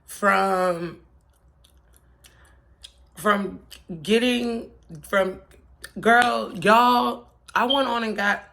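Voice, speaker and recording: Chatty gravelly-voiced woman vlogging. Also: medium pitch, steady tone, very slow, pauses often, sharp tone. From Pennsylvania. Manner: chatty, rambling, slangy and emotional. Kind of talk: casual chat. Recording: faint background noise.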